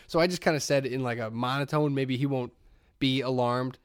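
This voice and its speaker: A man's voice: medium pitch, a little fast, no echo, studio quality. A man in his thirties, co-hosting a podcast and telling a story with swearing, laughter and acted-out voices. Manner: animated storyteller, acts out quoted voices, swears, laughs often. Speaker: podcast co-host. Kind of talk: casual storytelling chat. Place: brewery.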